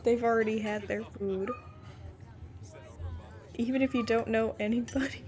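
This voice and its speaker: A woman's voice: a little high, fairly even intonation, unhurried, long pauses, crowd noise. A woman hosting a let's play, casually commenting and reading game text aloud in a playful, chatty way. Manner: playful, chatty, reacts with frequent laughs. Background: game background music.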